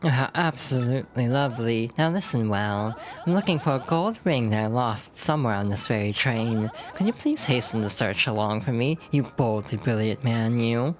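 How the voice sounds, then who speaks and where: A woman's voice: a bass voice, lively intonation, normal speed, few pauses, a little mellow. A woman voicing a refined, flirtatious lady passenger in a video game, gushing theatrical compliments.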